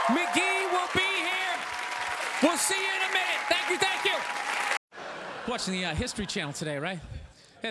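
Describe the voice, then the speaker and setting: A male stand-up comedian doing a sarcastic, ranting set on stage, with loud bursts. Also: very high-pitched. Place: comedy stage before a live audience. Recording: live club recording with audience laughter and noise.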